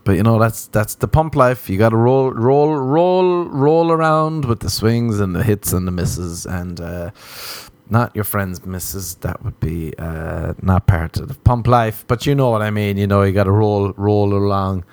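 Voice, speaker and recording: A young Irish man hosting a podcast, rambling through a comic, self-mocking monologue and sliding into high mock voices. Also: a little slow, a little mellow, no echo. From Ireland. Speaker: podcast host. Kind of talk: casual comedic monologue.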